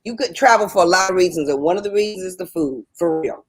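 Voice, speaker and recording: A woman's voice: on the low side, fast. A woman co-hosting a radio talk show, chatty and emphatic, repeating herself for effect. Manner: chatty, emphatic storytelling with repetition. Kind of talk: casual chat.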